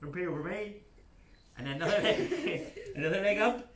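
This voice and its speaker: Male kids' PE coach, slightly high voice, upbeat cueing, roomy echo off a distant camera. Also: animated, brisk, background noise. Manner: upbeat, playful, step-by-step cueing. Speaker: children's PE coach. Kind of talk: live exercise class instruction. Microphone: camera set back across the room.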